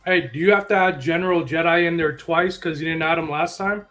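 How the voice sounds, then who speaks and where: A man's voice: fairly high pitch, fairly quick, a bit bright, soft background music. A man chiming in with wisecracks during a casual stream chat.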